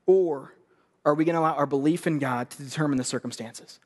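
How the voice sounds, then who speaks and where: A man in his thirties preaching on a church stage, energetic and joking in a conversational way. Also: fairly high pitch, brisk. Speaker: youth pastor. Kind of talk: sermon. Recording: long hall reverb.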